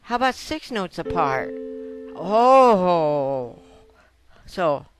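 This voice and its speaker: Speaking slowly and expressively in a medium-pitched, fairly bright voice, a woman teaches piano. She counts notes out loud and walks through each step patiently, with piano notes played between phrases.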